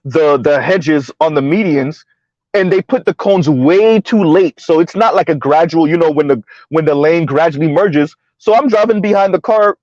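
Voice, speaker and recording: At a normal speed and in a slightly high, darkish voice, a host delivers casual social commentary on his vlog. Frequent chuckles and repeated "right?" questions to viewers mark his style. The recording is dull, lo-fi, and dry.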